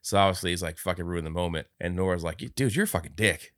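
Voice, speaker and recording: A man's voice: deep voice, quick pace, fairly bright tone, dry recording, studio quality. A man co-hosting a podcast, casually recapping a film and acting out its lines, swearing freely. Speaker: podcast co-host. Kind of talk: casual movie review chat.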